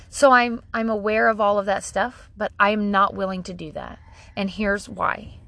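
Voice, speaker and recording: A woman's voice: medium pitch, steady tone, moderate pace, fairly bright tone, dry recording. A woman in her thirties hosting a podcast, talking candidly and swearing casually with self-deprecating humor. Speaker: podcast host. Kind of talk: casual solo podcast monologue.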